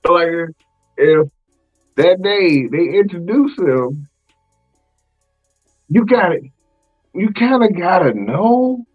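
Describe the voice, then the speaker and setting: A male podcast host with a fairly high-pitched voice, talking in loose, slangy casual chat. He is animated, bursting into exclamations and laughing often. Faint music plays softly behind him. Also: slow, long pauses, narrow, tinny audio.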